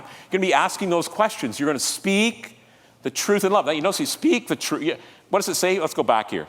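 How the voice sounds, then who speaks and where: A man preaching a sermon as pastor, conversational and lively, drawing the congregation into call-and-response. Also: high voice, fast, in a large hall. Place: church sanctuary.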